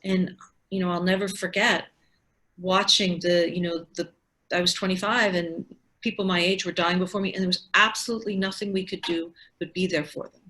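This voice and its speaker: A woman's voice: on the low side, steady tone, brisk, bright, forceful tone. Woman in her sixties, patient explainer. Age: 60s. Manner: thoughtful, explains step by step with frequent restarts. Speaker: physician and researcher. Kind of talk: explanatory conversation.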